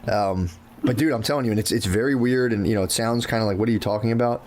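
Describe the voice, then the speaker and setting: A man's voice: fairly low pitch, fast talker, a little mellow. A man co-hosting a podcast in loose casual chat, swearing freely, saying "dude" often and acting out his own thoughts. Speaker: podcast co-host.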